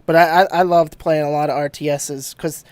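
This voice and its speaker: High-voiced man chatting with laughs. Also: fairly even intonation, fairly quick, clear, resonant tone, no room sound. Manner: laughing, rambling, easygoing. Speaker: podcast host. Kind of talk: casual chat.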